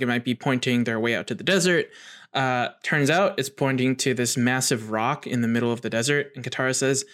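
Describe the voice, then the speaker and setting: A man co-hosting a podcast, rushing through a quick scene summary with fillers. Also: mid-range voice, fairly bright tone, clear, resonant tone. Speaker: podcast co-host. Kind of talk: casual recap narration.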